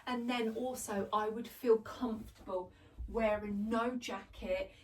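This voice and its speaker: Recorded far from the mic with a little hiss or hum, a middle-aged fashion vlogger with a fairly high, fairly even voice talks at a measured pace. She's indoors at home doing a casual try-on haul, chatty and gushing, often laughing and poking fun at herself.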